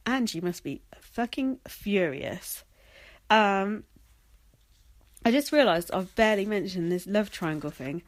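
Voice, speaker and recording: A woman's voice: mid-range voice, animated, slow pace, pauses often, no room sound. A young woman hosting a podcast recap in casual chat, sweary and laughing often, slightly wheezy and coughing. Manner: chatty, sweary, laughs often, many ums and likes. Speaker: podcast host.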